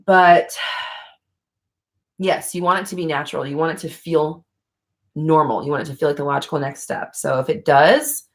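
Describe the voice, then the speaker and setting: A woman's voice: sits low, steady tone, moderate pace, pauses often. A woman hosting a livestream, answering viewer questions in a blunt, frank casual chat, swearing freely. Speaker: livestream host.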